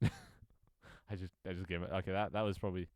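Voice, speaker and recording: A man with a very low voice chats loosely over a multiplayer game, teasing other players and breaking into chuckles. The sound is dry and close, with no room around it. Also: huge pitch swings, moderate pace, darkish tone, dry recording. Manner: playful, joking, chuckles often. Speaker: gaming streamer. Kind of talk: casual gameplay chat.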